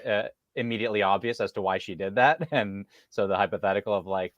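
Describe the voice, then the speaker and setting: Co-host, male, lowish voice, dry close sound, halting, self-correcting delivery. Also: dry recording, lo-fi sound. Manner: hesitant, many fillers and restarts. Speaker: podcast co-host. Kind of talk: casual film discussion.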